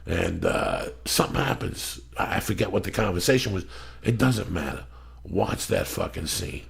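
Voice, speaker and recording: A man's voice: sits low, huge pitch swings, normal speed. A middle-aged man, a podcast host ranting with heavy swearing and acting out movie lines. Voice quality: gravelly. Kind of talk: profane storytelling rant.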